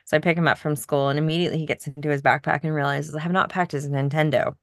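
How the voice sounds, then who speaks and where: A middle-aged woman co-hosting a podcast, telling a story in casual chat with soft laughs. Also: low voice, fairly even intonation, fast talker, dry recording, studio quality. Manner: reflective, storytelling, laughs softly between points. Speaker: podcast co-host.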